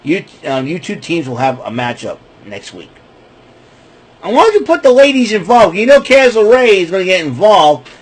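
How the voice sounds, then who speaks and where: A man with a somewhat high voice runs through a casual wrestling recap. He rambles and trips over names, and he breaks into laughter at his own jokes. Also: slightly rough. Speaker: podcast host.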